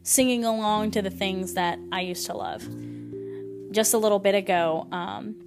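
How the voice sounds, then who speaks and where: Gentle woman podcaster over music. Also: medium pitch, fairly even intonation, moderate pace. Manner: gentle, reflective and encouraging. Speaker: podcast host. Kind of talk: solo spiritual podcast talk. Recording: voice over clear background music. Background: instrumental music.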